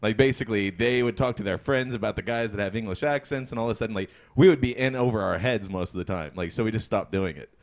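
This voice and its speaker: A man's voice: on the low side, fast talker, hardly any pauses. A man in a casual group chat, telling laid-back anecdotes with hesitant fillers.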